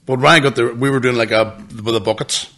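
A young man on a casual podcast, swapping sweary stories through bursts of laughter. His voice is bright and forward, at a middle pitch. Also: steady tone, quick pace. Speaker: podcast co-host. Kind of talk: casual storytelling chat.

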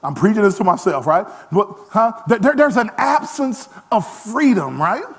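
A man preaching a lively sermon as pastor, self-deprecating, with frequent call-and-response asides. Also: high-pitched, moderate pace.

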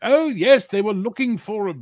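A man's voice: high voice, moderate pace, no echo, pitched above the performer's own voice, close to an everyday voice. A man voicing a fussy tall thin balding innkeeper in a tabletop game, blustering and gushing over money. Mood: gossipy. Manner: blustering, gushing over coin, shouting orders.

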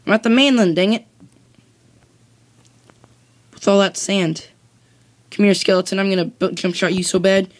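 A gamer chatting casually during a co-op game, bossy and teasing, breaking into excited whoops. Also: mid-range voice, normal speed, pauses often. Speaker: let's play gamer. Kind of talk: casual co-op gaming chat.

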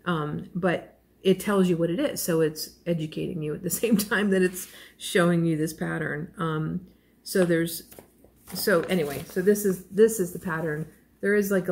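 A woman's voice: on the low side, gravelly, darkish tone. A woman vlogger chatting casually while unboxing a crochet kit, gushing and self-deprecating, rambling with fillers and small laughs.

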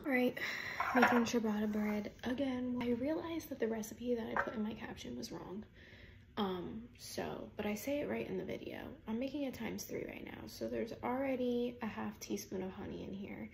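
A woman hosting a casual cooking video in a home kitchen, talking quietly and chattily, sometimes half-murmuring. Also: a little high, normal speed, gravelly, a little hiss or hum. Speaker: home cook, channel host. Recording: kitchen clatter of dishes and utensils.

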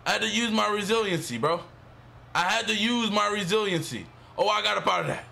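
A young man giving excited, slang-heavy commentary while playing a wrestling video game, repeating himself and shouting as he reacts. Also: sits high, a little fast, gravelly. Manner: hyped, repetitive slang talk. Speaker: gaming YouTuber. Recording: game music underneath.

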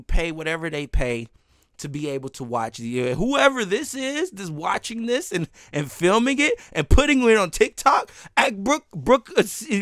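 A man's voice: high-pitched, fairly bright tone, no echo, clean studio sound. A man ranting live as a streamer, heated and swearing, with laughs breaking in between lines.

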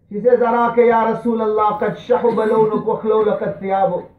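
A man preaching a sermon in a mosque hall, impassioned, swinging between high cries and hushed tones. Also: little pitch movement, fairly quick, few pauses. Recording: distant, tinny, echoey mosque recording.

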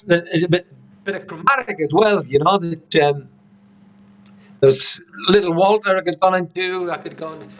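A man's voice: fairly high pitch, fairly bright tone. A man giving a casual harmonica lesson over a video call, rambling with frequent restarts and "you know"s. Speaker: harmonica teacher. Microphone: video call computer mic.

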